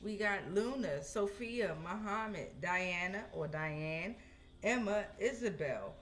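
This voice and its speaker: A woman's voice: mid-range voice, expressive, takes it slowly, a bit bright, slight background noise. A woman giving a casual tarot reading, chatting to her viewers and often asking "right?". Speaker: tarot reader.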